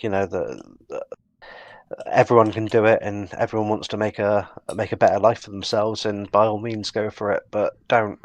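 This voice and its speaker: A man's voice: on the low side, no echo. A man, co-hosting a casual live podcast and rambling with lots of fillers and restarts. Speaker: co-host.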